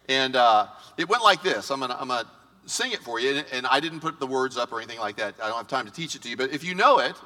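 A male pastor preaching a sermon to his congregation, lively and joking, talking straight to the people in front of him. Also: mid-range voice. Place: church sanctuary. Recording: long reverb of a big church hall.

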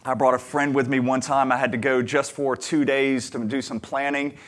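A man's voice: mid-range voice, level tone, normal speed. A man preaching a sermon, telling a personal story in a conversational, earnest way and pressing his listeners with emphatic questions. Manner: earnest, conversational, swings between quiet asides and emphatic questions. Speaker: pastor.

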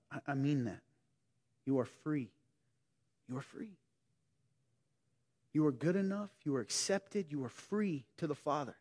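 Man preaching in a reverberant hall. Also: on the high side. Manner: conversational preaching, swings between emphatic and hushed. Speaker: pastor. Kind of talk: sermon.

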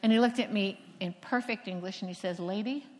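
A woman from Florida preaching a sermon, telling stories with emphatic pauses. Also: medium pitch. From Florida, USA. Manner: storytelling, emphatic with dramatic pauses. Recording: long hall reverb.

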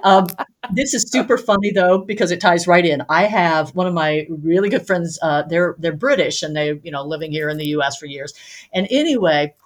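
Lower-voiced woman, chatty and laughing. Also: fairly quick. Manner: chatty, laughs often while telling stories. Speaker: romance author and guest. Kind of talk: casual podcast conversation.

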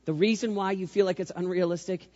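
A man's voice: high voice, fairly even intonation, fast, darkish tone, muffled recording. A man preaching a sermon as pastor, emphatic and repetitive, leading the crowd in responses.

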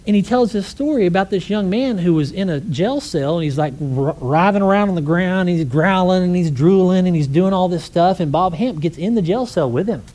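Guy preaching casual-style to his church, mellow voice, animated, keeps asking the crowd questions. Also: high voice, fairly quick, hardly any pauses. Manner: animated storytelling, rhetorical questions to the congregation. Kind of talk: conversational sermon.

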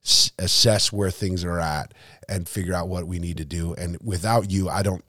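Deep pastor guy on a church podcast, earnest, lots of restarts, dry close mic. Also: fairly even intonation, normal speed, sharp tone, no echo. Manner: earnest and thankful, with many restarts. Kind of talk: casual podcast chat and closing prayer.

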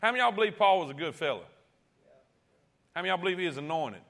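A man's voice: high-pitched, lively intonation, very fast, vocal fry, a bit bright. A man preaching a sermon as pastor, calling out to the congregation and repeating key phrases.

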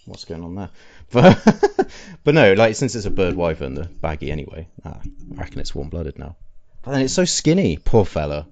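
Podcast co-host, male, very low voice with lively swings, faint music bed. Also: normal speed, vocal fry, lo-fi sound. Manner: joking, laughs often, trails off quietly. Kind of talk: casual chat.

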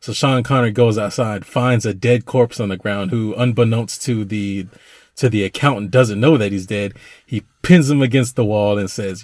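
A man co-hosting a podcast, chatting casually about movies in a rambling way and now and then acting out scenes in quick put-on voices. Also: lowish voice, darkish tone, no echo, clean studio sound. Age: young adult to middle-aged, a parent. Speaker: podcast co-host. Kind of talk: casual film review chat.

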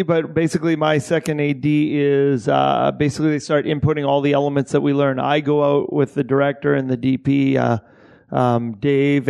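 A man's voice: medium pitch, creaky, a little mellow, clean tone. A man from Canada, an assistant director, talking loosely in a casual interview, restarting his sentences and swearing often. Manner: rambling, frequent swearing and restarts.

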